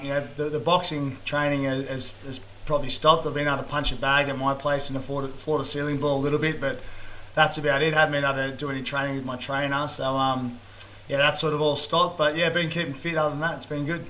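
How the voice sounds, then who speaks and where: A man's voice: fairly high pitch, level tone, fast, bright, forceful tone, a little hiss or hum. A man chatting in a laid-back way as a guest.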